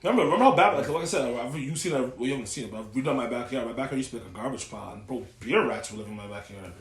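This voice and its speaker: A man's voice: mid-range voice, lively intonation, racing. A young man co-hosting a casual podcast, rambling and profane, packing his talk with "like" and "you know what I mean". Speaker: podcast co-host. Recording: echoey room.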